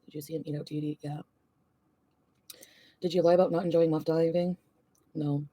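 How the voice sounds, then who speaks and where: A woman's voice: sits low, flat delivery, moderate pace, warm tone, no echo. A woman vlogger venting and ranting, swearing often and rambling. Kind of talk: ranting vlog.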